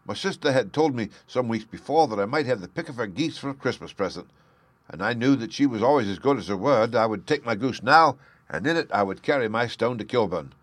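A man's voice: mid-range voice, lively intonation, brisk, no echo, close to an everyday voice. A man reading aloud plays a frightened young thief pouring out a pleading confession, his voice raised and urgent. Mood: anguished.

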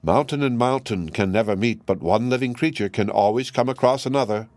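A man reading a storybook voices a tall, anxious stork in a high, strained pleading voice. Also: a little fast, darkish tone, no room sound, lightly acted. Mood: earnest.

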